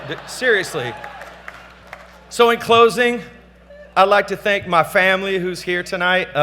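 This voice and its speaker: A man's voice: on the high side, sharp tone. Middle-aged man giving a loose gala speech. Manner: loose, slangy and off-script, hollering thanks to family and friends. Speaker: award speaker at a gala. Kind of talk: casual acceptance speech. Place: large banquet hall. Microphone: stage microphone. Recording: reverberant banquet hall with faint hum.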